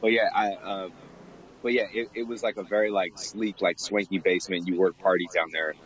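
A man's voice: low-pitched, fairly even intonation, brisk, a bit bright, muffled recording. A young man being interviewed about bartending. He rambles casually, fills his talk with fillers and laughs often. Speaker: guest, former bartender.

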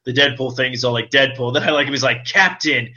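A man co-hosting a podcast in casual chat, excitable, often jumping into high squealing voices to act out scenes. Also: rapid-fire, muffled recording. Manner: excitable, acts out movie lines in a high squealing voice. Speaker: podcast co-host.

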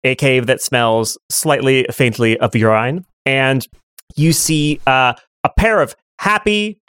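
A man's voice: medium pitch, takes it slowly, a bit bright, clean tone, no echo. A man narrating as game master in a tabletop game, playful and rambling.

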